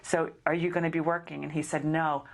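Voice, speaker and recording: A middle-aged woman telling a personal story in casual conversation, acting out the dialogue with animated shifts in her voice. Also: a little fast. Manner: animated, acts out dialogue with rising pitch.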